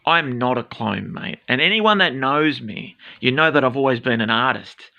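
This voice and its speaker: A man's voice: medium pitch, lively intonation, normal speed, vocal fry, pushed and bright, lo-fi sound. A man in his forties with an Australian accent, talking casually to camera in a rambling, blunt, sweary way full of fillers. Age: 40s.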